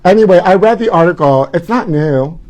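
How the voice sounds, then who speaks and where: A man's voice: sits high, expressive, brisk, darkish tone. A man hosting a live gossip show, campy and dramatic, who keeps calling his viewers honey. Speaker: host.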